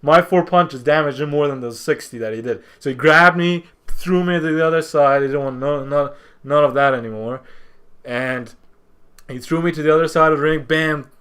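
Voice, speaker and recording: A man talking as a podcast guest, telling a story casually, halting and restarting often, and acting out what others said. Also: on the high side, smooth. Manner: halting, with many restarts and repeated words; animated, acts out what others said.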